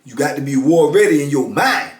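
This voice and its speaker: A man's voice: a little high, animated, brisk. Blunt streetwise middle-aged man storytelling. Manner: blunt, streetwise, repeats "you know what I'm saying". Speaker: former prisoner and motivational speaker. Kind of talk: casual storytelling. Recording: echoey room.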